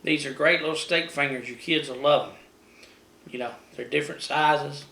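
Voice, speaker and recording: A man's voice: on the high side, fairly even intonation, moderate pace, vocal fry, bright, forceful tone, poor audio. A middle-aged man hosting a casual home cooking demo, chatty and folksy, talking to viewers as guys. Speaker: cooking show host. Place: home kitchen.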